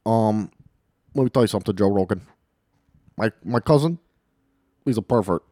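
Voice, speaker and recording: A man voicing a gruff, ranting old male politician. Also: on the low side, normal speed, dark tone, no echo, studio quality, voice pushed down, lightly acted.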